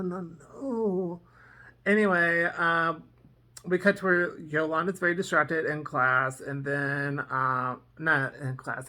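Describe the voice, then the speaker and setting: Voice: mid-range voice, sharp tone. A casual reviewer recapping a TV episode in a rambling way, full of "um" and "and so", and acting out the characters' lines. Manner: rambling, with many ums and "and so"; acts out characters' lines in quotes. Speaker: TV reaction reviewer.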